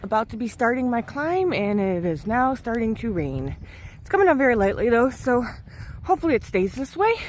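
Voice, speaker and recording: A woman thru-hiker vlogging outdoors on a mountain trail into a handheld camera, a chatty, animated storyteller. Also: fairly high pitch, brisk, a little hiss or hum. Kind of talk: casual trail vlog.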